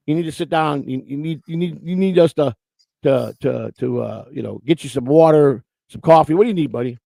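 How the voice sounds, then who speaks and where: A man hosting a casual live-stream chat in a raised, gravelly voice, joking and teasing as he reads viewers' messages. He speaks close to a streaming mic in a dry, dead room. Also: a little high, a little fast, warm tone, no echo. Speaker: host.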